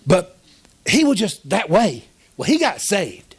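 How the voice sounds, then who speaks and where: A middle-aged pastor with a fairly high voice tells a personal story from the pulpit. He preaches in a folksy, heartfelt way. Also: wildly swooping pitch, takes it slowly, gravelly, breathy edge. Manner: folksy, emotional, rising to a preaching shout. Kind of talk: storytelling sermon.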